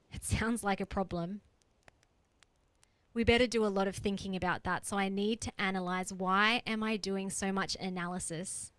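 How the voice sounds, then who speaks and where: A woman's voice: mid-range voice, a bit bright, no echo, poor audio. A woman coach leading a guided exercise on a group coaching call, earnest and explanatory, repeating her key points. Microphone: video call.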